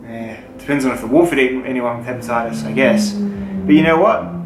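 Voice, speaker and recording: A fairly quick, mid-range male voice belongs to a young Australian channel host fielding viewer questions. His tone is loose and jokey, with plenty of swearing, and the casual chat has an echoey room sound with faint noise underneath.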